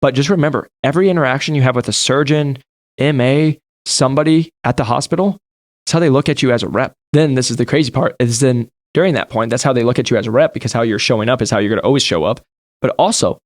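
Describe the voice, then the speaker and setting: A man coaching his audience in a punchy, direct monologue, talking at a brisk clip. His voice sits at an ordinary pitch, and the recording is close and dry. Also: no echo. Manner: emphatic, direct, addresses listeners as you guys. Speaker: podcast host and sales coach. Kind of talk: motivational monologue.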